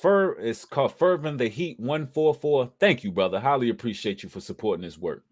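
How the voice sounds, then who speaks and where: A man's voice: mid-range voice, lively intonation, fairly quick. Male livestream host, mid-range voice, preacherly and emphatic, street-casual delivery. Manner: emphatic, preacherly, addresses audience as brothers and sisters; casual slang with occasional cursing.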